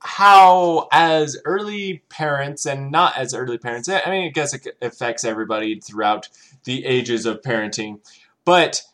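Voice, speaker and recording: A woman's voice: extremely low pitch, a bit bright. A woman co-hosting a casual parenting chat, chiming in with short, easygoing remarks. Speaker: podcast co-host.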